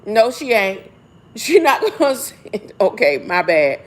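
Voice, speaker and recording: Woman, slow pace, rambling commentary, reads aloud, rhetorical asides. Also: mid-range voice, big pitch swings. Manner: rambling, asks rhetorical "huh?" often, breaks off to self-correct. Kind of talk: casual musing commentary.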